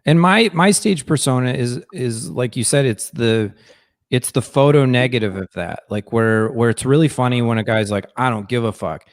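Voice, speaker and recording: A comedian guest with a Wisconsin accent, chatting casually in an easygoing, agreeable way. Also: male voice, medium pitch, animated, moderate pace, no room sound. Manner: easygoing, agreeable, many short affirmations. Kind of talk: casual chat.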